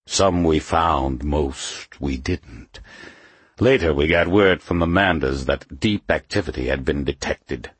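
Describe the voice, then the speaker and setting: A man's voice: rumbling low, slow pace, slightly rough, no echo, exaggerated voice. A man voicing Mephisto, a silky hissing underground leader. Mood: conspiratorial. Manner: suspicious, cackling, grim. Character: sly male underground community leader.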